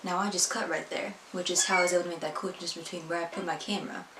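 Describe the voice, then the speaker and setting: A woman's voice: lowish voice, steady tone, very fast, echoey room, noisy background. A young woman vlogging a casual editing tutorial at home, chatty and self-deprecating, filmed on a tripod camera. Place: home room.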